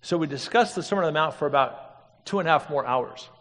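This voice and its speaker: A man preaching to an audience as an animated storyteller, firing off rhetorical questions and laughing at his own stories. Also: fairly high pitch, fast. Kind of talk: storytelling sermon. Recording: long reverb of a big hall.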